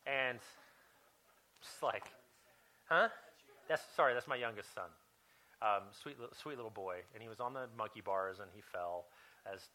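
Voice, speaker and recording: A man's voice: fairly low pitch, fairly bright tone, low-quality recording. A man in his thirties preaching a sermon as a personal story, talking in a conversational way with many fillers and restarts. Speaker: pastor.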